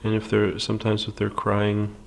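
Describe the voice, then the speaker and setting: A man with a deep, gravelly voice leads a slow, patient drawing lesson. He speaks low and flat, with many pauses and fillers, and sometimes drops to a soft half-whisper as he draws. A faint hiss of background noise sits under his voice. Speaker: library drawing instructor.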